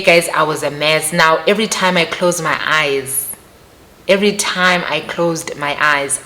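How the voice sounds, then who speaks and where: This young South African woman has a deep voice, and a little hiss or hum sits on the recording. Addressing her viewers directly, she tells a personal story in an animated, emphatic way, repeating phrases as she goes.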